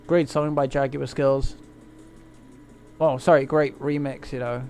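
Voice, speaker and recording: A man streams a racing game from home at night, rambling and joking with his viewers in casual live commentary. His mid-range voice is a little slow and darkish in tone, with a flat delivery.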